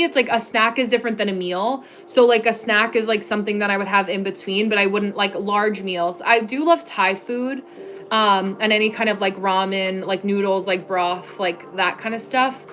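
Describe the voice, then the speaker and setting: A young American woman hosts a casual livestream on a clip-on mic, reading viewer comments and answering them chattily with lots of "like." Her voice is mid-range and a bit bright at normal speed, with slight background noise.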